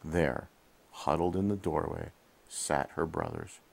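A man reading a bedtime story to his child while in bed, gently asking questions along the way, recorded on a head-mounted camera. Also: rumbling low, huge pitch swings, unhurried, vocal fry, slightly rough. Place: in bed at home.

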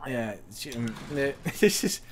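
A man's voice: mid-range voice, expressive, measured pace, slight background noise. A tipsy man hosting a let's-play of a video game, rambling with profane, mocking jokes as he plays. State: tipsy from drinking. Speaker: host.

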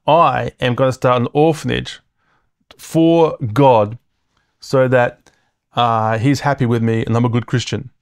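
A man's voice: medium pitch, steady tone, measured pace, gravelly, smooth, no echo, clean studio sound. A man preaching a sermon in a conversational teaching manner, reading scripture aloud, chuckling between points and often checking in with "okay?".

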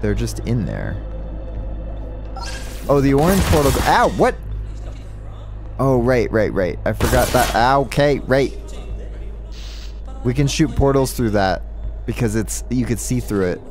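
A man streaming a puzzle game live, talking through it in an excitable, joking way and thinking aloud. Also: mid-range voice, a little slow, pauses often, music in the background. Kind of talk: live gameplay commentary.

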